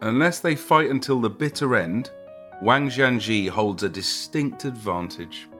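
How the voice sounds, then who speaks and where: A man voicing a calm, easygoing young male master who speaks in a nonchalant, unhurried way. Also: medium pitch, faint music behind, voice pushed up.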